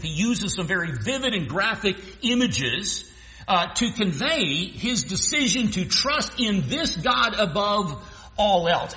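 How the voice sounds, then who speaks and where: Man, pastor, bright sharp tone, earnest expository sermon, echoey church with long reverb. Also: sits high. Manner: earnest expository preaching with frequent "uh" restarts.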